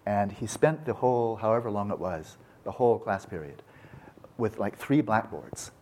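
In a digressive, informal lecture about Buddhism and science, a man talks with enthusiasm and often restarts his sentences. His voice is fairly low and a little mellow, at a normal speed.

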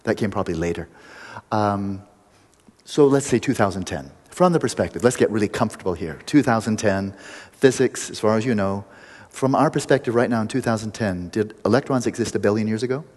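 Male meditation teacher, low and breathy-husky, storytelling, teases his students. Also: brisk, a little mellow, in a large hall. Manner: playful, teasing, laughs often. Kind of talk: retreat lecture with storytelling.

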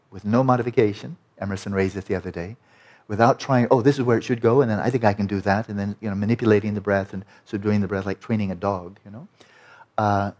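A man teaching breath meditation to a group in a gentle, conversational way, often repeating words softly. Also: fairly low pitch. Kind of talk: guided meditation instruction.

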